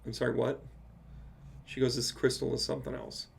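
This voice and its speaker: A man's voice: mid-range voice, little pitch movement, fairly quick, creaky, a little hiss or hum. A man, a psychic medium, telling a personal story in a casual live Q&A and swearing freely as he goes.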